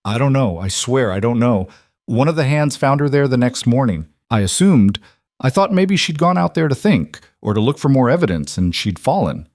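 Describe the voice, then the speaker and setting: A man voicing a desperate older male ranch bookkeeper who pleads, his voice rising higher than the narration. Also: big pitch swings, normal speed, darkish tone, no echo.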